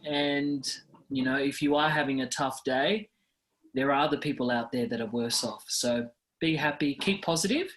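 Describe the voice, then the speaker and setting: A man's voice: mid-range voice, a bit bright. Earnest, rambling Australian man. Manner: earnest, rambling with many restarts. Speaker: television reporter and guest. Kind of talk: casual interview chat.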